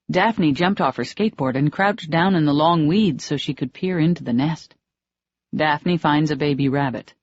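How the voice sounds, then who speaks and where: An audiobook narrator reading a romance novel in a steady, measured way. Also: medium pitch, dry recording. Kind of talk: scripted narration. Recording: dry, slightly dull audiobook recording.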